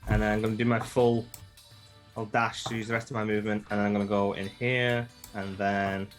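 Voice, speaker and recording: A man's voice: lowish voice, little pitch movement, brisk, faint music behind. A man playing an online tabletop game, methodically counting out moves and checking details. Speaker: player.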